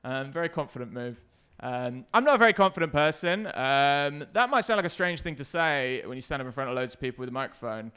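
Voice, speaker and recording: A man doing a stand-up comedy set, self-deprecating and hesitant with many ums, sometimes breaking into loud shouted bits. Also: medium pitch, animated, a little fast, few pauses, smooth.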